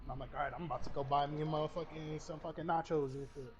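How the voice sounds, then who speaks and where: Young man, streamer, casual storytelling, profane, acts out quotes, fairly high voice, loud gunfire behind. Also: steady tone, very fast, noisy background. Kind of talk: casual storytelling while gaming.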